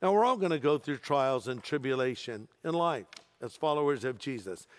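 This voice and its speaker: Pastor preaching in a reverberant hall. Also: male voice, medium pitch, expressive, moderate pace. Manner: emphatic preaching with humorous asides. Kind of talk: sermon. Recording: long reverb of a large hall.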